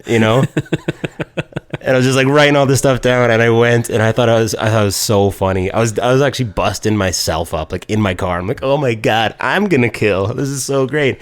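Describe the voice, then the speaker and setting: A man's voice: medium pitch, brisk. A man co-hosting a podcast, telling a story in casual chat and quoting people as he goes. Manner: animated storyteller, quotes people in voices. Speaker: podcast co-host.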